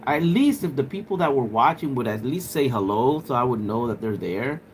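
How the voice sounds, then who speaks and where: In this casual livestream chat, a man with a medium-pitched, animated voice at normal speed rambles directly to the viewers in his chat. His talk is loose and profane, packed with filler, and there's slight background noise.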